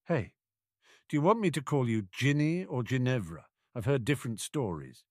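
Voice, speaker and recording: A man's voice: mid-range voice, very animated, normal speed, dry recording, close to an everyday voice. A man voicing a resentful teenage boy who speaks with dry sarcasm. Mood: curt. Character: bitter, sardonic teenage boy.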